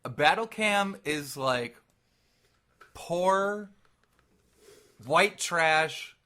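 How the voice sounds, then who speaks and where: Bright-voiced young man telling stories. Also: fairly high pitch, drawn-out words. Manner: animated storytelling, laughs often. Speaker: podcast co-host. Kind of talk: casual podcast chat.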